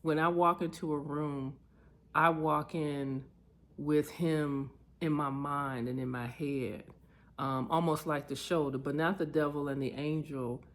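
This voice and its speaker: A woman sharing personal memories in a reflective vlog, candid and heartfelt, getting lively as she tells stories. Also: low voice, unhurried. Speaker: vlogger.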